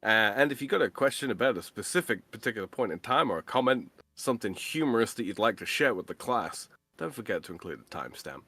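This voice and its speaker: A tired man co-hosting a live stream in casual chat, talking slowly and laughing often. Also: on the low side, big pitch swings, sharp tone, dry recording.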